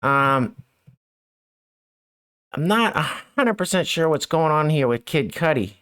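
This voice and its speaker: A man's voice: fairly high pitch, animated, unhurried, a bit bright, clear, resonant tone. A middle-aged man hosting a mocking news commentary show, with sarcastic, chuckling asides. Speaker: show host.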